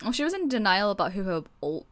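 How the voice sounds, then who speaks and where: A woman's voice: medium pitch, very animated, fast, a bit bright. A woman co-hosting a podcast in casual chat, swearing, laughing and mocking herself. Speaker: podcast co-host.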